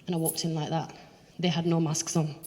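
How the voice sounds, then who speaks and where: Low-voiced woman speaker telling personal stories with lively acted-out voices, recorded live in a reverberant hall. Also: brisk. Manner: animated storyteller, acts out others' voices. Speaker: charity chief executive giving a talk. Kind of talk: personal talk to an audience. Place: event hall, walking around away from the podium.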